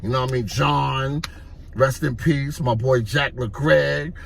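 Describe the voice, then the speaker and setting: A man from Harlem, telling street stories in an animated way and acting out the voices. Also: medium pitch, a little slow, creaky. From Harlem, New York. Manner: animated, acts out voices, repeats "you know what I mean". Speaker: storyteller. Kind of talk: street storytelling vlog.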